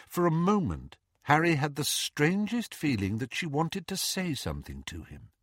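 A man narrating a storybook in a theatrical, highly expressive reading. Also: moderate pace, slightly rough, no echo, studio quality. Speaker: audiobook narrator.

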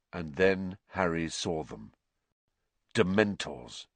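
Male audiobook narrator, lower voice, lively dramatic read, dry close mic. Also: a little slow, dry recording. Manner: expressive, rising with the action. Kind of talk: dramatic storybook reading.

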